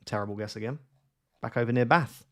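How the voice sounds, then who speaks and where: A young man chats casually through a live stream, pitched at an ordinary middle height. He thinks out loud, trails off into fillers and pokes fun at himself as he goes. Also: fast. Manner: chatty, rambling, self-mocking, thinks aloud with many fillers. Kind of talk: casual live-stream commentary while playing a map guessing game.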